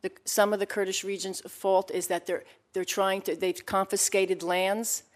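A woman's voice: medium pitch, flat delivery, normal speed. A woman giving testimony at a hearing, speaking earnestly and emphatically, often restarting her sentences. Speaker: expert witness at a hearing.

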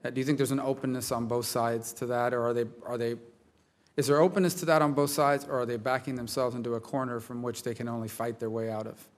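A man, a senator, questioning a witness at a hearing, speaking in a measured way with many hesitations. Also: mid-range voice, steady tone.

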